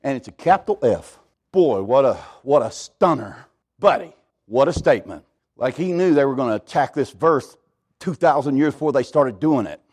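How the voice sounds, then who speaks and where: A male pastor, preaching a sermon in a folksy, animated way and often calling out to the congregation. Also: medium pitch. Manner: folksy, animated preaching with repeated "hey, listen to me".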